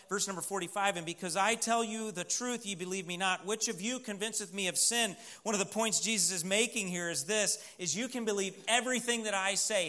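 Male pastor, sermon delivery, high pitch, call-and-response pauses. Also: sharp tone.

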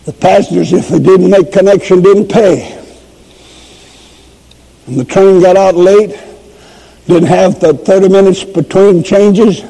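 Male preacher, impassioned shouting, high gravelly voice, long hall reverb. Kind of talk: fiery sermon with storytelling.

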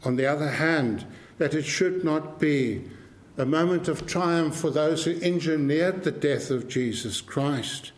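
A man's voice: fairly high pitch, a little slow. A man preaching a sermon in an earnest, emphatic way, repeating his key phrases for weight.

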